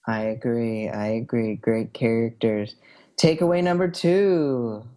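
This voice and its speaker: A man's voice: mid-range voice, unhurried, dark tone. A man co-hosting a book review podcast, bantering playfully in casual chat. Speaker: podcast co-host.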